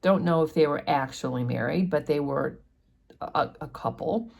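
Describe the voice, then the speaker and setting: A woman with a low, relaxed voice walks through a book chapter in a chatty teaching manner. She pauses often with fillers and talks the story over casually. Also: gravelly. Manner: chatty, explanatory, many fillers. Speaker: book study host.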